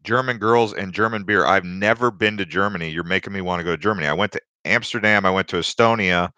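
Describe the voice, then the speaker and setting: This young crypto livestream host speaks in a low voice at a quick pace, sounding bright and forceful. He rambles casually through stories and viewer comments with frequent restarts and fillers, and the audio has no echo.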